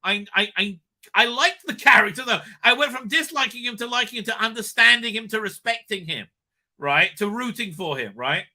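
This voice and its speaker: A man hosting a live stream, rambling excitedly with lots of fillers and tag questions. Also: high-pitched, normal speed. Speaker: show host. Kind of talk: live-stream fan commentary.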